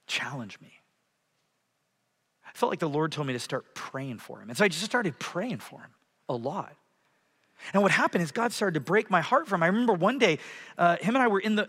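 Guy pastor preaching in a church, high bright voice, big hall reverb, goes loud then real quiet. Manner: animated, swinging from loud to hushed. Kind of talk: sermon. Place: church sanctuary.

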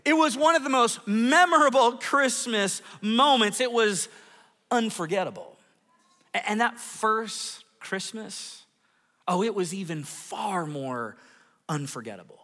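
Bright high-voiced man preaching in hall. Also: takes it slowly. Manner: lively, self-mocking storytelling with audience polls. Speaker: pastor. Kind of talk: sermon. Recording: long hall reverb.

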